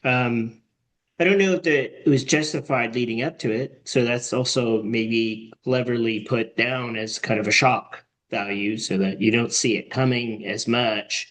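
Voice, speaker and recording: A man's voice: medium pitch, fairly even intonation, unhurried, a bit bright. A man giving feedback in a casual writing workshop, thinking aloud with frequent restarts and fillers. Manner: thoughtful, rambling, many restarts. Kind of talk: casual discussion.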